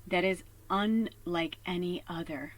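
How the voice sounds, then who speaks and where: A woman with a lowish voice gives a casual spiritual reading from her tiny home RV. She talks in a chatty, earnest way, swears casually, and sometimes sinks to a hush. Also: a little slow, rough recording. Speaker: spiritual reader. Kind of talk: casual collective tarot reading.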